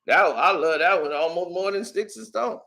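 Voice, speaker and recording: Bright-voiced, excitable man chatting. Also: high-pitched, normal speed, gravelly. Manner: excitable, laughs often, jumps between topics. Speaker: comedian and channel host. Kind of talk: casual livestream chat.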